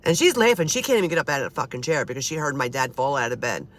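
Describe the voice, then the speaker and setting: A woman's voice: very deep voice, lively intonation, rapid-fire. A woman telling personal ghost stories in a blunt, chatty way, swearing freely. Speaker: storyteller. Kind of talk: casual storytelling.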